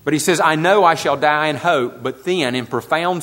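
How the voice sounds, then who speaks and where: A man's voice: on the high side, normal speed, few pauses, fairly bright tone. A man preaching a sermon to his congregation, repeating key phrases for emphasis and asking his listeners questions. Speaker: pastor.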